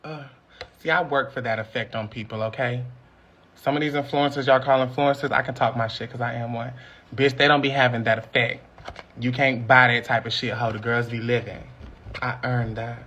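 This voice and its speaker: A man on a casual video chat with strangers, high, boastful and swearing a lot, laughing often. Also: fairly even intonation, normal speed, pushed and bright, dull audio, a little hiss or hum.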